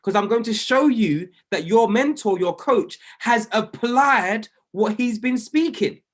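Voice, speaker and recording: High-pitched guy preaching at his trading students on a group call, repeats everything for emphasis. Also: expressive, unhurried. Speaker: trading mentor. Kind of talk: motivational coaching call. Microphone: online group call.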